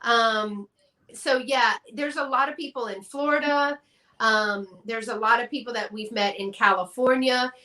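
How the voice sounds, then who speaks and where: A woman's voice: on the high side, a little slow, sharp tone. A woman from Texas with a Southern accent, chatting casually in a live stream and laughing often. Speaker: guest collector.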